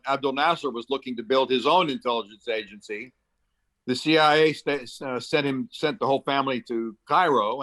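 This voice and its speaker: Here a septuagenarian interview guest who grew up in the Middle East spins quick anecdotes, leaning heavily on fillers. His voice sits in the middle range with a bit of brightness, and he performs the quoted lines as he chats away.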